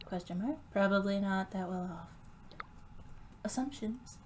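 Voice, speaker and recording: A woman with a medium-pitched, slightly mellow voice streams a game, reading its text aloud and chatting casually. She giggles often, reads slowly, and stumbles over unfamiliar names.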